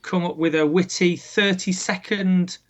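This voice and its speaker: A man's voice: high voice, fairly even intonation, measured pace. A man co-hosting a podcast, recounting things in a chatty way, full of asides. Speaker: podcast co-host. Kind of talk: casual chat.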